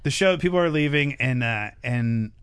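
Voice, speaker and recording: A man's voice: medium pitch, normal speed, clear, resonant tone, dry recording. Young guy comic rambling through a story, lots of likes and uhs, dry close sound. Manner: animated, many fillers like "like" and "uh". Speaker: stand-up comic telling a story. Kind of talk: casual podcast storytelling.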